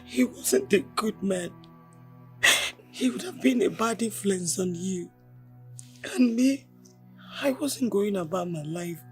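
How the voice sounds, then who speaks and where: An actress playing a remorseful mother who pleads gently with her grown daughter, with a Nigerian English accent. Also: medium pitch, lively intonation, soft background music. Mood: pleading. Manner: soothing, apologetic, slow. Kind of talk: Nollywood film drama.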